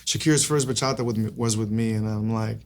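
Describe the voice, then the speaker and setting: A male singer appears as a guest on an interview show, chatting loosely with lots of restarts. His voice is lowish, with fairly even intonation and a fast pace, over slight background noise.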